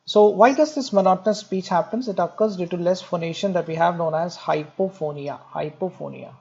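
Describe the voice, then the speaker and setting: A man's voice: sits high, brisk, vocal fry, darkish tone, highs cut off. A man giving a medical lecture, explaining step by step, repeating key terms and speaking directly to students with light jokes. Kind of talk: recorded exam-prep lecture.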